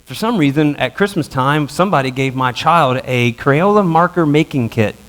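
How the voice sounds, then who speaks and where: Man, 30s, pastor; comic sermon storyteller, lively lilting delivery, high-pitched. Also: slight background noise. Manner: animated, self-mocking, acts out his family in quick voices. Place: church auditorium.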